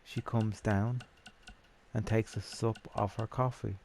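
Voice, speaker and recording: A man's voice: on the low side, fairly even intonation, slow, creaky, a little mellow. A young Irish man telling a story in a rambling, chatty way with swearing, over a game. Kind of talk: casual storytelling over gameplay.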